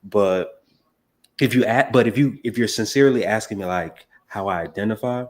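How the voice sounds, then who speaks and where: A man's voice: fairly low pitch, moderate pace. A man from Nigeria chatting easygoingly on a podcast, thinking aloud as he talks. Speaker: podcast guest. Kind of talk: casual chat.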